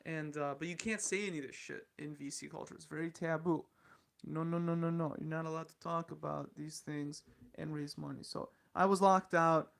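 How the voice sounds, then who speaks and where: A man hosts a solo podcast, talking in a loose, opinionated way that is full of swearing and restarted phrases. His voice sits a little high for a man and has a gravelly edge. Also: fairly even intonation, normal speed, fairly bright tone. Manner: blunt, profane, opinionated, rambling with restarts. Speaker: podcast host. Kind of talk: casual solo podcast commentary.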